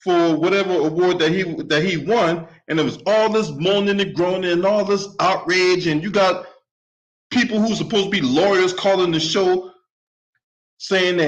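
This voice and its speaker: A man's voice: high-pitched, normal speed, poor audio. A man delivering an angry solo sports and politics commentary rant, heated and profane, and often tagging his points with a questioning "right?". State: openly angry.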